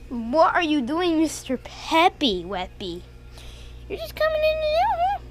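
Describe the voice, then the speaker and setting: Playful high-voiced young woman vlogging. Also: huge pitch swings, measured pace. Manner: playful, jokey, swings between loud and whispering. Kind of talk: casual vlog. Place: at home, partly outdoors. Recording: music playing clearly behind.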